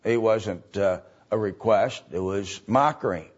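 Slow husky-voiced male preacher. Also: on the low side, highs cut off. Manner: halting, explains step by step, many filler sounds. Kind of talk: sermon.

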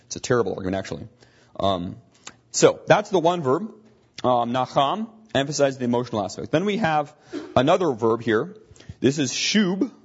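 A man's voice: medium pitch, sing-song, normal speed, husky, dull audio. A man teaching a Bible lesson, explaining as he thinks aloud and often restarting his sentences.

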